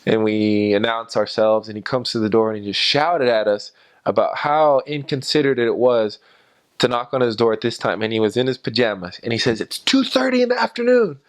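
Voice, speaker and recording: Smooth low-voiced man, rambling story. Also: fairly even intonation, fairly quick. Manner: rambling, frequent "uh" and "and so". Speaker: former missionary. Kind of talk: casual storytelling.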